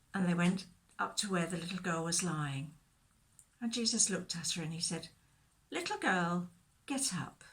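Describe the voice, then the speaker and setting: A woman leading a children's church talk, telling a Bible story in a gentle, expressive way and asking questions, recorded for video. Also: on the low side.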